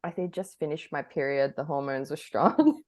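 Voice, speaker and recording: Female co-host, low voice, candid rambling chat with frequent laughs. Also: moderate pace, dark tone. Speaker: podcast co-host. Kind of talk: casual chat.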